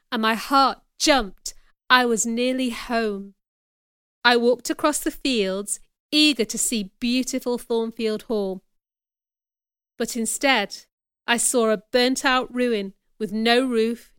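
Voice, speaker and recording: A woman reading a first-person story aloud in a measured, expressive narration. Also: on the high side, clear, resonant tone, no echo, clean studio sound.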